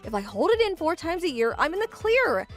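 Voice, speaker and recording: A woman narrating a first-person animated story as its lead, with an exasperated, sarcastic inner-monologue manner. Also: extremely high pitch, a little fast, faint music behind.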